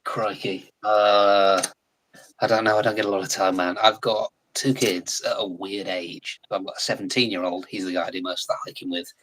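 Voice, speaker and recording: An English man in his forties, a guest in a casual live chat, talking in a chatty, animated way and laughing often. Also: on the low side, normal speed, slight background noise, low-quality recording. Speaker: guest actor.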